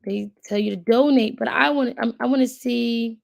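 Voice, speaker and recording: This channel host has a slightly high voice with vocal fry and a moderate pace, recorded without room sound. In a relaxed video she reads web pages aloud while browsing, thinking out loud and dropping frequent fillers.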